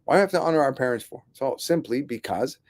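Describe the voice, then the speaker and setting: A rabbi gives a weekly Torah lesson in an animated, storytelling manner. His voice sits at a medium pitch. He keeps slipping into the voices of the people in his parables. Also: quick pace. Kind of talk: Torah class.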